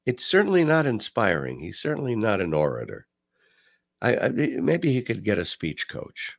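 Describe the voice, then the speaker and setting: A man hosting a talk show, giving casual political commentary with a swooping, animated delivery and frequent restarts. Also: on the high side, unhurried, no room sound, clean studio sound.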